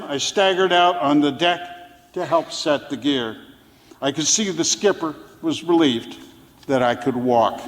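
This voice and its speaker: A man reading his own prose story aloud on stage as a fisher poet, telling it in a dry manner with brief chuckles. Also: on the high side. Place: theater stage. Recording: live theater with long reverb.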